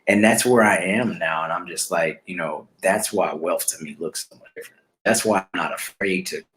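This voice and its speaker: Male podcast host, deep voice, animated casual storyteller, salty language. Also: moderate pace, rough recording. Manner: animated storytelling, swears freely. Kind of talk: casual chat. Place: studio.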